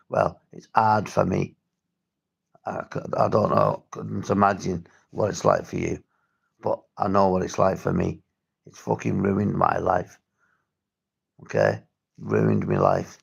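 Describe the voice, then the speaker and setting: A man's voice: sits low, steady tone, unhurried. A man from St Helens with a Merseyside accent, talking bluntly on a livestream about drug recovery, swearing often and restarting his sentences. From St Helens, England. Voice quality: gravelly, husky. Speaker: recovery vlogger. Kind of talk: livestream talk to viewers.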